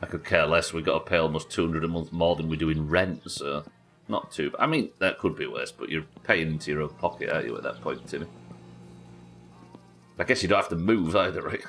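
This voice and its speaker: Over soft background music, a British man with an extremely low, slightly bright voice talks briskly while streaming a game live. He chats casually with viewers, reads their messages aloud and swears freely.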